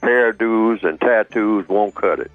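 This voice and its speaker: A man speaking as the guest on a live radio talk show, telling blunt, drawn-out stories with street slang. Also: lowish voice, no echo, narrow, tinny audio, soft background music.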